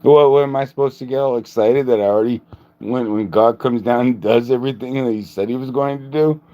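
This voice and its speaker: A man's voice: mid-range voice, fairly even intonation, fairly quick, dark tone. A man hosting a livestream, rambling in a joking, casual way, laughing often and swearing. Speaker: livestream host. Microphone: phone.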